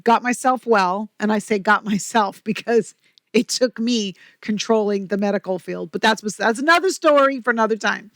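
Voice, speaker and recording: Energetic chatty woman guest, dry sound. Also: mid-range voice, no echo. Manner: energetic, chatty storyteller with quick asides. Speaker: podcast guest, company president. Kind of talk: casual interview talk.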